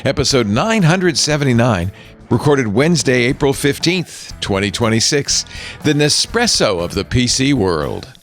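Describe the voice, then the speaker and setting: A man's voice: mid-range voice, very animated, measured pace, faint music behind. A man hosting a tech podcast, jokey and upbeat in casual chat. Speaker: podcast host.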